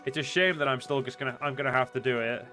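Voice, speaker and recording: A man's voice: mid-range voice, steady tone, quick pace, bright, forceful tone. A man streaming a fantasy video game, chatting casually about the fights and reading the on-screen text aloud. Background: game music.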